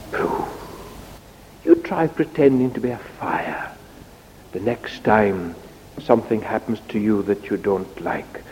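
Gravelly guy doing a kids' sermon, slow and lively, big hall echo, a little background hum. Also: mid-range voice. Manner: animated, sing-song storyteller speaking to children. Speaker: preacher giving a children's talk. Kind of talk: children's sermon storytelling.

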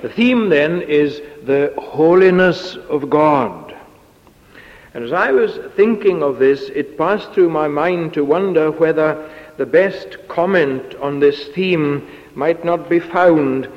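A man preaching an expository sermon in a measured, deliberate way, on a dull recording with a long echo. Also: a little high. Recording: dull lo-fi tape in echoey hall.

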